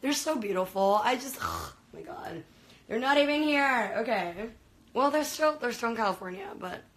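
A bright, slightly high voice belongs to a young woman from Venezuela chatting on a phone live stream. She gushes and rambles, packing her sentences with "like" and "you know." It sounds casual and unscripted. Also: big pitch swings, normal speed, poor audio. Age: young adult. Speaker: livestreamer.

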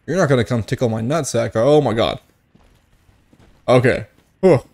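A man's voice: mid-range voice, moderate pace, vocal fry, long pauses, darkish tone. A young man gives loose, swearing commentary while he plays. He has been drinking whiskey and sounds tipsy. He breaks into sudden yelps and jokes at the game in an ordinary mid-range voice. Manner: profane, joking, outbursts at the game. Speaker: gaming streamer. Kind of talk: casual gameplay commentary.

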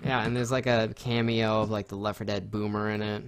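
A young man co-hosting a podcast, talking in a rambling, excitable way with lots of fillers and swearing. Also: fairly low pitch, a little fast, heavy background noise. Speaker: podcast co-host. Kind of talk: casual chat.

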